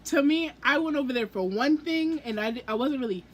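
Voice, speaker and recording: A young adult woman telling a story in a casual book vlog, gushing and excitable, acting out her own reactions as she goes. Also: high voice, brisk. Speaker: book vlogger.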